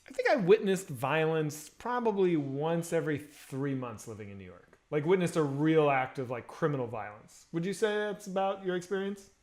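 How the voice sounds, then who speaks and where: A man's voice: fairly high pitch, expressive, moderate pace, few pauses, a little mellow. A man in his forties, a comedy show co-host, casually telling a story, laughing and swearing as he goes.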